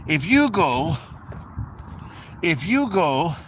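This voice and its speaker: A male preacher talks through a relaxed, informal sermon, circling back over his phrases and calling his listeners folks. He takes his time, and his pitch rises and falls with lively expression. A constant hum of background noise sits under the recording. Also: very slow. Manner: conversational, repeats phrases, addresses listeners as folks.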